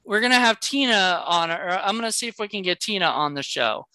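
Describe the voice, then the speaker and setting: A man hosts a podcast, with a bright, lively voice that moves a lot in pitch. He retells events with stammering restarts. The recording is close and dry. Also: brisk, no room sound. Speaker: podcast host. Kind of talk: casual chat.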